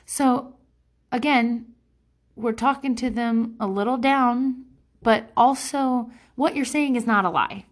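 Blunt, profane woman venting. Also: measured pace. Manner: blunt and profane, with sarcastic impressions of others; animated, swinging between loud outbursts and low mutters. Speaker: vlogger giving advice. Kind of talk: casual advice monologue.

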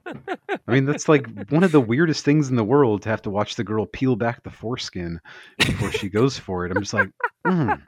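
A young man co-hosting a podcast in relaxed casual chat, laughing often and making wry remarks. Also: mid-range voice, fairly quick, breathy edge, no echo. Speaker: podcast co-host.

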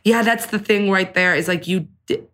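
A woman's voice: mid-range voice, normal speed. A woman co-hosting a podcast, chatting casually and agreeably and finishing her co-host's thoughts. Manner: relaxed, agreeable, fills in words for her co-host. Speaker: podcast co-host. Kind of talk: casual recap chat.

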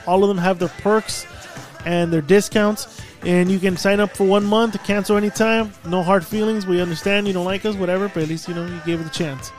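High-voiced man hosting a casual podcast. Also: steady tone, brisk, faint music behind. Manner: crude, laughing, loud. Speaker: podcast host. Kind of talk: casual banter.

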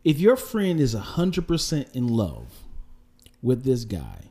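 Give me a man chatting as co-host, pitch swinging wide. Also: a little slow. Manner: animated, acts out friends in falsetto and low voices. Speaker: podcast co-host. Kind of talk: casual chat.

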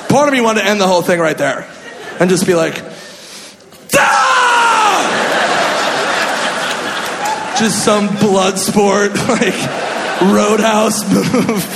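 High gravelly guy doing standup, big animated delivery, echoey club w/ crowd laughing. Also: unhurried, background noise. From Minnesota. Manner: animated, exaggerated, shouts and acts out bits. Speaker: stand-up comedian. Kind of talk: stand-up comedy set. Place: comedy club stage.

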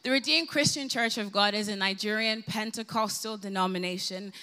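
A young Irish woman preaching at a live worship gathering, telling a personal story in an animated, humorous way and repeating phrases for emphasis. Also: medium pitch, a little fast, smooth. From Ireland. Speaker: guest speaker.

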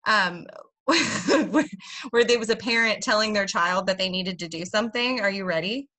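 Bright, bubbly young American woman. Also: mid-range voice, moderate pace. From United States. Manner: bubbly, giggly, says "like" a lot. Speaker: podcast co-host. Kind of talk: casual chat.

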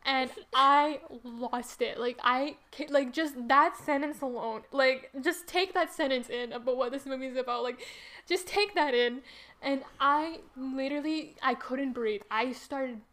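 A woman's voice: sits high, unhurried, pushed and bright. A woman co-hosting a podcast, telling a story in casual chat, rambling with many fillers and breaking into laughter. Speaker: podcast co-host.

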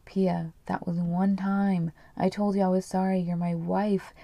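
A woman's voice: lowish voice, level tone, measured pace, creaky, warm tone, no echo. A woman reading the lines of a desperate jailed husband pleading with his wife. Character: pleading male prison inmate husband.

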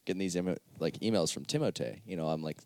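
A man's voice: low-pitched, fast talker, darkish tone. A man hosting a casual podcast chat, rambling, laughing often and swearing offhandedly. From United States. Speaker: podcast host.

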